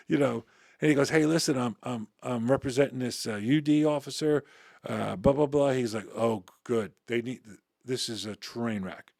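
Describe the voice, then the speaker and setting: A man's voice: mid-range voice, normal speed, creaky, a little mellow, no room sound, clean studio sound. A middle-aged man telling a story in an interview, acting out the dialogue and cussing casually. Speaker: interview guest.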